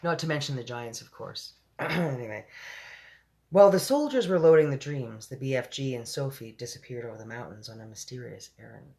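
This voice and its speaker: A woman's voice: a bass voice, expressive, a little fast, darkish tone. A woman reading a children's book aloud, breaking off for chatty asides and laughing at her own slips. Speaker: storyteller.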